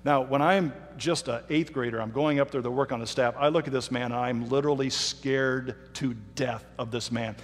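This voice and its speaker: A man's voice: mid-range voice, steady tone, faint music behind. Man preaching in a reverberant church. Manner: storytelling, emphatic with dramatic slowdowns. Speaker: pastor. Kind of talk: sermon with personal story. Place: church sanctuary. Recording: reverberant hall.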